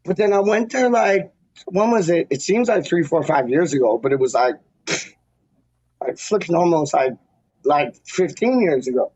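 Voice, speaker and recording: A man's voice: a little high, lively intonation, moderate pace, darkish tone, breathy edge, no room sound. A man hosting a casual chat, telling rambling stories with slang and laughter. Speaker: podcast host. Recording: dry, dull lo-fi sound.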